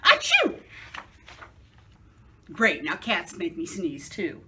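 A woman voicing a fretful, dramatic male elephant who stammers and sneezes loudly. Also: a little high, very animated, extremely slow, slight background noise, exaggerated voice. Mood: worried. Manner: stammering before loud sneezes.

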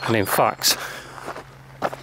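A man, chatting casually with dry humour as he films himself walking up a hill outdoors. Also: slow. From Lancashire, England. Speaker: vlogger filming a hill walk. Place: outdoors on a rural hillside. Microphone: handheld camera mic. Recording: outdoor camera audio with clear background noise.

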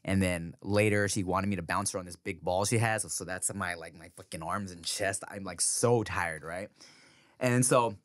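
A man's voice: low-pitched, normal speed, no echo. Laughing, storytelling man, dry close sound. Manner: storytelling, swears casually, laughs often. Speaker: podcast host; father. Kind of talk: casual chat.

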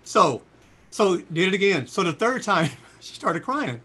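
A man in his sixties, a singer, telling lively stories in a casual interview and jumping into high voices for quotes. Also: measured pace, husky. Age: 60s. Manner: animated storyteller, jumps into high voices for quotes. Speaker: singer and guest.

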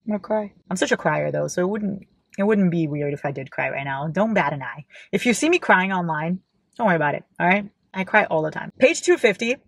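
A woman's voice: on the low side, dry recording. A young woman in her twenties from the United States chatting casually about a book she read, gushing and giggly with sudden squeals. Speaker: book vlogger. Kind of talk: casual book reaction chat.

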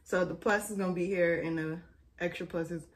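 A young woman vlogging casually to camera at home, rambling and excitable, recorded on a camera mic. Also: fairly low pitch, brisk. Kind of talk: casual vlog chat to camera.

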